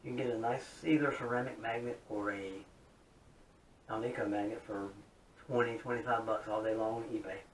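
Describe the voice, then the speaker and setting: A man's voice: fairly even intonation, moderate pace. A man in a casual, folksy demo talk, chatty and upbeat as he shows off his modified guitar. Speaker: guitar hobbyist showing his modded guitar. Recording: roomy, distant mic with faint rumble.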